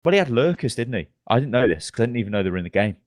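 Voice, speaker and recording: A man's voice: medium pitch, racing, no echo. A young man co-hosting a gaming podcast, telling stories with lots of laughing and swearing. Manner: laughing, swearing, animated storytelling. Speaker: podcast co-host. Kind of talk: casual gaming chat.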